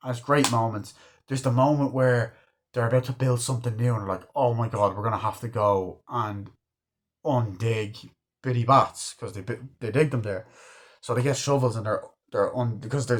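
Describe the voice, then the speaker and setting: A man's voice: medium pitch, a little mellow. A man giving a casual movie review, rambling with lots of swearing and acting out scenes he loves. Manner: rambling, swears a lot, acts out quoted scenes.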